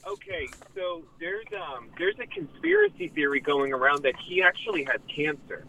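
A man's voice: fairly high pitch, big pitch swings, moderate pace, bright, forceful tone, low-quality recording. A man calling in to a radio show. He explains his idea hesitantly, with lots of "um" and "like". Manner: hesitant, filler-heavy. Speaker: caller. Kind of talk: phoned-in radio call.

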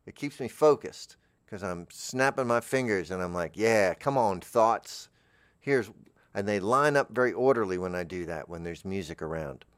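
A man's voice: sits low, animated, normal speed, clean tone, dry recording. A man in a rambling comedic monologue, drifting through absurd, meandering trains of thought. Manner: talks over background music. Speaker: comedic character host.

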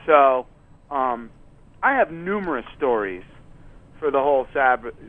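A touring musician guest telling rambling stories in a casual interview, full of fillers and restarts. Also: male voice, mid-range voice, lively intonation, measured pace, crowd noise. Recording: tinny phone-line audio.

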